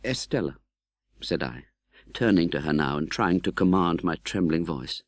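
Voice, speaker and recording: A man reading an audiobook in scripted narration, expressive and dramatic, voicing the young hero's pleas. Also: low-pitched, normal speed, dry recording, clean studio sound.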